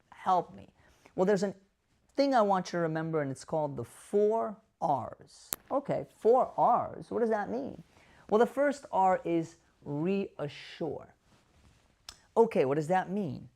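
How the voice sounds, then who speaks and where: A man's voice: high voice, darkish tone. A man, a doctor hosting an educational talk to camera, speaking emphatically, asking the viewer rhetorical questions and repeating key words for stress. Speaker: doctor and show host.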